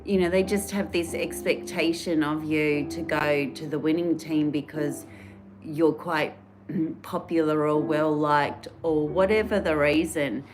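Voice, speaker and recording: This Australian woman has a deep, steady voice and talks a little slowly while music plays in the background. She's hosting a live stream, rambling casually and earnestly and reading out comments from viewers.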